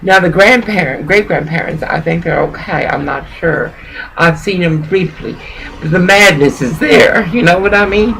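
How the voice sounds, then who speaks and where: A man's voice: a little high, normal speed, creaky, fairly bright tone, slight background noise, poor audio. A man who is a pastor, giving a rambling, profane preaching rant as he lectures someone directly.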